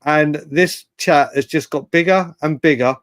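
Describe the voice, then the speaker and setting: An excitable man hosts a late-night live fan stream, rambling from one thought to the next. His voice sits fairly high. The sound is dry and close to the mic. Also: unhurried, no echo. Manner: excitable, rambling, talks to chat by name. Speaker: fan channel host.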